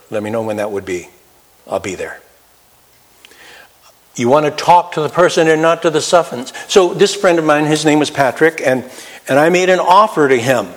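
A man preaching a sermon in an earnest storytelling manner, slowing down to stress key words. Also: mid-range voice. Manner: earnest, storytelling, slows for emphasis.

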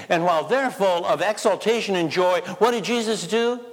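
A man preaching a sermon, firing off rhetorical questions and swinging between loud urgency and quiet asides. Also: high-pitched, normal speed, hardly any pauses. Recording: long hall reverb.

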